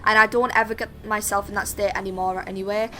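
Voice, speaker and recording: A woman's voice: medium pitch, level tone, fast talker, pushed and bright, a little hiss or hum. A young woman telling a chatty story to camera, full of "like" and "literally". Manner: chatty, constantly says "like" and "literally". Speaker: vlogger. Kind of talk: storytime monologue.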